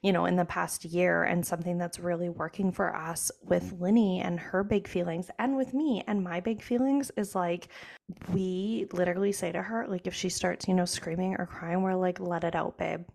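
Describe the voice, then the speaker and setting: Woman co-host, low gravelly voice, candid casual chat with plenty of swearing. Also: steady tone, normal speed, darkish tone. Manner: candid, swears freely, vivid pictures. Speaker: podcast co-host.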